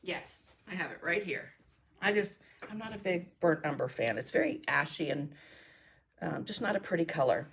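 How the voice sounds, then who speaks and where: A woman's voice: on the low side, animated, moderate pace, creaky, slight background noise. A woman hosting a live mixed media art demonstration, chatting and thinking aloud as she works and answering viewer comments. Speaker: mixed media artist and host.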